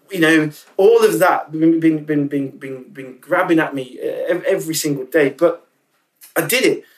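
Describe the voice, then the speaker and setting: A man's voice: mid-range voice, recorded from a distance, low-quality recording. Candid, emotional man, a little off-mic. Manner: candid, emotional, many restarts and repeated words. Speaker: podcast guest. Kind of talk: casual interview chat.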